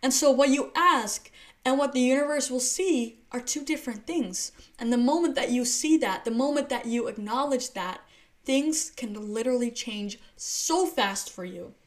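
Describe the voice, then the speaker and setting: A woman's voice: high-pitched, moderate pace. A woman hosting a solo podcast, talking casually and explaining through playful everyday examples, with frequent restarts and fillers. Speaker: podcast host.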